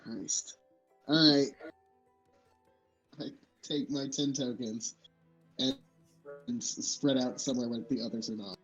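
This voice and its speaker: A man's voice: mid-range voice, sing-song, unhurried, long pauses, fairly bright tone, slightly rough, dull audio, soft background music. A man playing a tabletop game who talks bluntly and sarcastically, swearing as he goes. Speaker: player.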